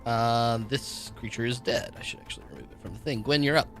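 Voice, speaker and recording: A man narrating as game master of a tabletop game, relaxed and descriptive with plenty of fillers. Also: mid-range voice, brisk, soft background music.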